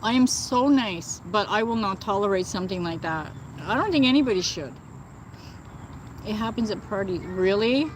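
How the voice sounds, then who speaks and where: A woman's voice: mid-range voice, animated, normal speed, slight background noise, rough recording. A woman hosting a casual livestream, speaking indignantly and answering viewers, with many fillers such as "like" and "you know". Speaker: livestream host. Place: outdoors, within earshot of birds and thunder.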